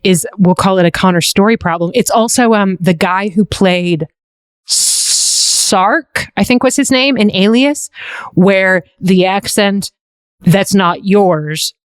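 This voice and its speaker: A woman's voice: medium pitch, slow pace, clean tone, no echo, clean studio sound. An American woman co-hosting a podcast, chatting casually, swearing freely and often restarting her sentences. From United States. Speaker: podcast co-host. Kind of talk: casual chat.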